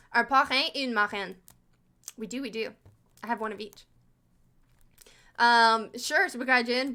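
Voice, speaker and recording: A woman's voice: on the high side, sharp tone. A French-Canadian woman from Montreal with a Quebec French accent, chatting casually on a live stream, laughing often and reading chat messages aloud.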